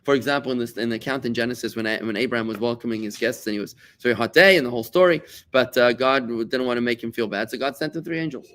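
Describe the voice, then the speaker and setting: A man's voice: mid-range voice, rapid-fire, few pauses, fairly bright tone. A middle-aged rabbi from South Africa teaches in a loose, talkative way. He stumbles over repeated words as he goes and slips into put-on voices for the people he quotes. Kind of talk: conversational Torah class.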